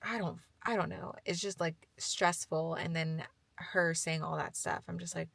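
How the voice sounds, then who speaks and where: A young adult woman vlogging, telling a story in an animated, chatty way with casual swearing. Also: on the low side, normal speed, vocal fry, no room sound.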